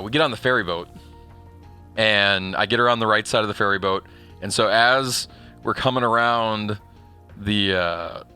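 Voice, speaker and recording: A man's voice: fairly low pitch, sharp tone, clean tone. A male streamer chatting casually while playing, telling a rambling story full of restarts and chuckles. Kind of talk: casual chat while livestreaming a game.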